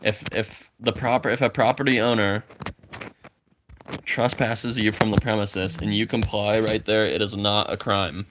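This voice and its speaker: Young man, lowish voice, rambling storytime rant full of swearing and fillers. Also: fairly even intonation, unhurried, background noise.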